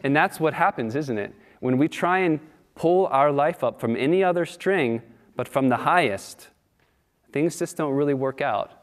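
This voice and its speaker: A man's voice: on the high side, animated, normal speed. A man giving a Sunday service talk in an easy storytelling sermon style, often asking his listeners questions. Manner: warm storytelling, asks the audience questions.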